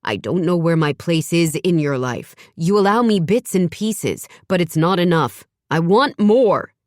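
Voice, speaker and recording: A woman's voice: fairly low pitch, animated, a little slow, dry recording, clean studio sound. A woman voicing a blunt, defensive man who is a father. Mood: earnest.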